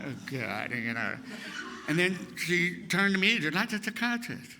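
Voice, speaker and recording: A man as guest speaker, telling a personal story to a congregation in an animated way, acting out what others said. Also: high voice, normal speed, creaky, a little hiss or hum. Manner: animated, acts out quotes, laughs often. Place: congregation hall.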